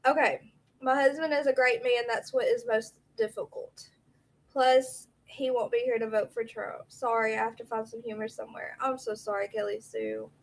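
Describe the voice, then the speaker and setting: A woman's voice: fairly high pitch, animated, moderate pace, poor audio. A woman, hosting a casual livestream, chatty and reacting aloud to viewer comments, a little out of breath. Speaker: livestream host.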